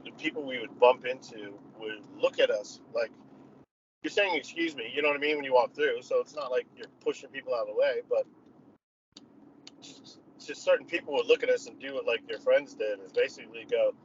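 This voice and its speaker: A man's voice: mid-range voice, brisk. A man, rambling, laughing, casual chat, slightly dull audio, faint noise. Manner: rambling storyteller, laughs often. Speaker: guest.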